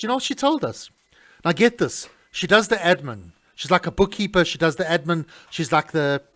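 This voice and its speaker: A middle-aged man, talking casually on his radio show in an animated, indignant way with many restarts. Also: high voice. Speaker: radio host. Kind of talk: casual talk-radio monologue.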